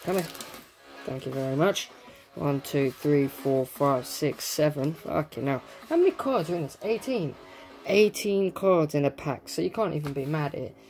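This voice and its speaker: A man's voice: on the high side, normal speed, a little mellow. Young guy cracking packs, chill and sweary, bit of music under it. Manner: laid-back, swears a lot, reads card names aloud. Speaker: card pack opening host. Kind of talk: casual pack-opening chat.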